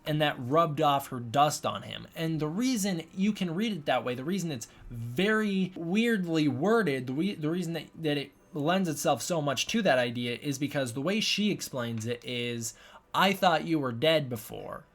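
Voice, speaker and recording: A man's voice: fairly high pitch, animated, normal speed, hardly any pauses. A man giving a casual spoken film review, rambling and often restarting his sentences. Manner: rambling, repeats and restarts himself.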